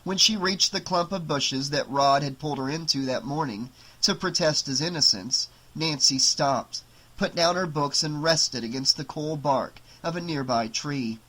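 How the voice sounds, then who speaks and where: A man narrating an audiobook in a steady, dramatic reading style. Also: a little high, normal speed, low-quality recording. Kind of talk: scripted narration.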